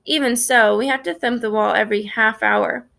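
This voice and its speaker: A woman's voice: fairly high pitch, steady tone, moderate pace, vocal fry, a bit bright. A woman narrating a children's story in the first person, reading expressively. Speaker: audiobook narrator.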